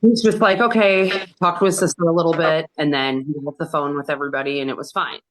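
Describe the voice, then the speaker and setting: Low-voiced woman recounting a painful memory. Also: fairly even intonation. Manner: earnest, halting retelling of a painful memory; acts out others' words in quoted dialogue. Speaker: podcast guest. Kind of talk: personal storytelling in an interview.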